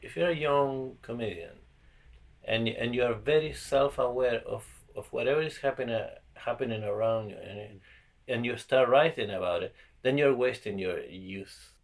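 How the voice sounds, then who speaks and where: A comedian from South America with a South American Spanish accent, chatting casually as a podcast guest in a halting, joking way. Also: male voice, mid-range voice. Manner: halting, repeats words, joking.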